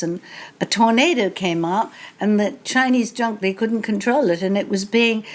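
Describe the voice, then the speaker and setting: Older English woman telling wry anecdotes. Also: medium pitch. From England. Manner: anecdotal, wry, laughs often. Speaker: guest author. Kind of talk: live interview storytelling. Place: bookshop event before an audience.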